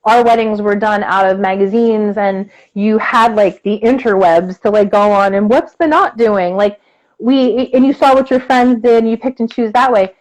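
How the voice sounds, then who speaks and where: Animated woman telling a story. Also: medium pitch, normal speed, poor audio. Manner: animated, acts out the people in her story, many fillers. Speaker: co-host. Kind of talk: casual storytelling chat.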